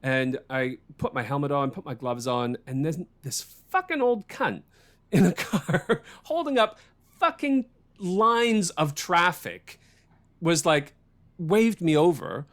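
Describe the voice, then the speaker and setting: A man's voice: fairly high pitch, lively intonation, slow pace, fairly bright tone. A man hosting a podcast, telling a story in casual chat, swearing freely and laughing often. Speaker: podcast host.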